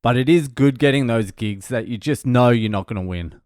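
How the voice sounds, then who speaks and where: A stand-up comedian recounting gigs in a casual monologue, blunt and self-mocking, swearing freely. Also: male voice, mid-range voice, moderate pace, darkish tone, clean tone, no echo, studio quality.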